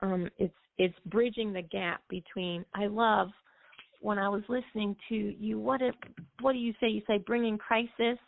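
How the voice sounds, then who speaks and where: A woman's voice: mid-range voice, steady tone, normal speed, creaky. A woman music therapist explaining things at length in easy flowing talk, with a few fillers, as a guest on a call-in show. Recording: dry phone line.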